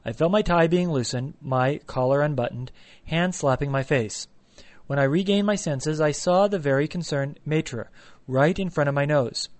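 A man's voice: fairly high pitch, normal speed. A man narrating a comic first-person story in a wry, dry manner.

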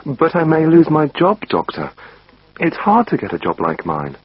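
A man's voice: on the high side, huge pitch swings, normal speed, husky, no echo, pitched above the performer's own voice, full character voice. A man voicing a worried, overworked male patient who speaks anxiously, reading a textbook dialogue. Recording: dull lo-fi recording.

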